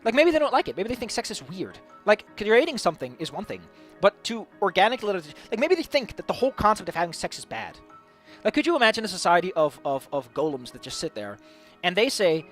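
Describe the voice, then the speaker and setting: A man's voice: high-pitched, very animated, fast, fairly bright tone, faint music behind. A man musing aloud in a casual, rambling monologue about tabletop game ideas, stumbling over repeated words as he goes. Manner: rambling, many repeated restarts. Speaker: tabletop game video host.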